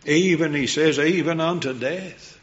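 A man preaching a sermon in a slow, reverent and earnest way, his voice rising in fervour at times. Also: fairly high pitch, dull audio.

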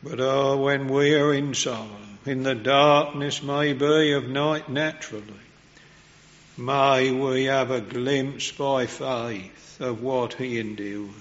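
Slow, reverent preacher man. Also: medium pitch, fairly even intonation, a bit bright, muffled recording. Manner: slow, reverent and earnest, rising in fervour. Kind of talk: sermon.

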